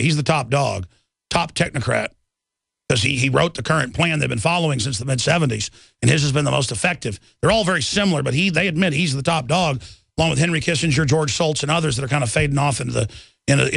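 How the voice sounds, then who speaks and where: A man's voice: a little high, gravelly, fairly bright tone, dry recording. A man hosting a talk radio show, ranting in a heated, rambling and insistent way before he takes callers on a studio microphone. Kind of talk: talk radio monologue and taking calls.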